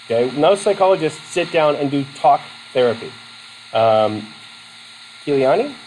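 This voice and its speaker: A man's voice: a little high, lively intonation, moderate pace, a little mellow, a little hiss or hum, poor audio. A man from Vermont teaching a college class, chatty and self-deprecating, with many fillers and restarts as he takes student questions. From Vermont, USA. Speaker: college instructor.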